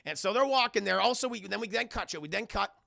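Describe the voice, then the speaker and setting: A man casually recapping a film to his live chat, rambling, swearing and excitable, keeps calling out to the chat. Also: high-pitched, quick pace, creaky, no echo, clean studio sound. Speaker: film reviewer streaming to chat.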